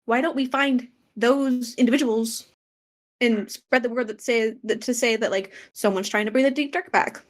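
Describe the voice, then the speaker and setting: Lady player, kinda high voice, lots of ums and restarts. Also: steady tone, normal speed. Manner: hesitant, lots of fillers. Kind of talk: casual chat.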